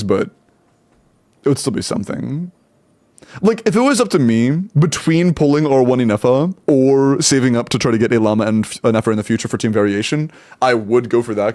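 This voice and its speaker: A man's voice: mid-range voice, fast, darkish tone, no echo. A man streaming live, casually talking through game account advice and answering chat, loose and rambling with some swearing.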